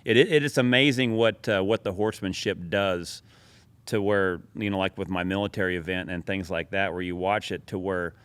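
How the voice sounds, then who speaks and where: A man from Oregon with a very deep, smooth and resonant voice talks calmly as a podcast guest. The sound is dry and close. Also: brisk, dry recording. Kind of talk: casual interview chat.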